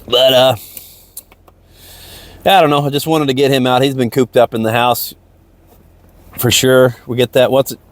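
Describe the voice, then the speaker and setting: With little pitch movement and long pauses, a man's mid-range voice moves at normal speed, with no room sound. He's a podcast host rambling near a lake through a casual, motivational stream-of-consciousness monologue, frequently repeating himself.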